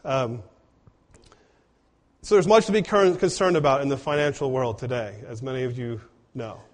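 A man's voice: mid-range voice, moderate pace. A man preaching a sermon in an earnest way, often putting rhetorical questions to his congregation. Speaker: pastor.

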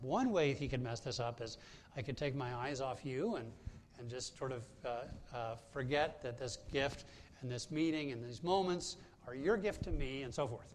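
Higher-voiced male pastor preaching conversationally. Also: a little hiss or hum. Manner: conversational storytelling with frequent hesitations. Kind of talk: sermon.

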